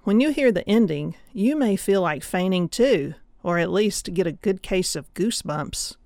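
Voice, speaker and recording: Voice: medium pitch, lively intonation, moderate pace, gravelly, a little mellow, no room sound, studio quality. An audiobook presenter giving a friendly, informative overview of a story collection. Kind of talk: promotional overview.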